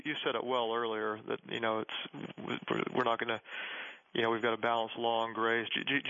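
A man's voice: mid-range voice, pushed and bright, dry recording. A man in his forties, a pastor guest on a radio interview, telling stories earnestly and reflectively with many fillers. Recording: muffled radio broadcast audio.

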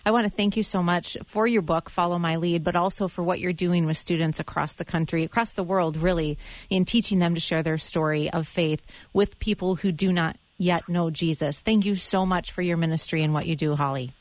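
A woman's voice: lowish voice, steady tone, fairly quick, no room sound. A woman hosting an interview, asking questions and thanking her guest graciously. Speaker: interview host. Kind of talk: faith interview.

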